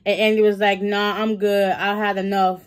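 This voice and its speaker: A woman's voice: mid-range voice, level tone, normal speed. A woman vlogger casually recapping a TV episode, acting out the characters' lines with laughs and fillers.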